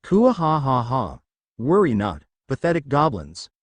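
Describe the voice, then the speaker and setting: A man's voice: very animated, normal speed, dry recording. A man voicing a boastful male storm dragon in slime form, with a grandiose manner and big laughing boasts. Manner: booming theatrical laugh, grandiose. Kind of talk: fan fiction reading.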